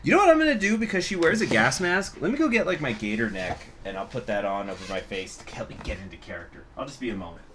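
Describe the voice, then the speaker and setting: Casual gaming host reading a story. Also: male voice, mid-range voice, very animated, quick pace, hardly any pauses, background noise. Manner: casual, profane asides. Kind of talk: let's play with story reading.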